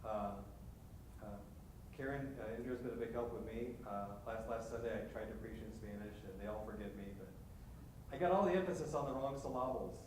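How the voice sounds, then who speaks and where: Echoey distant pastor addressing parish leaders. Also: male voice. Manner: halting, many restarts and "right?" asides. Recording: echoey hall from far off, faint rumble.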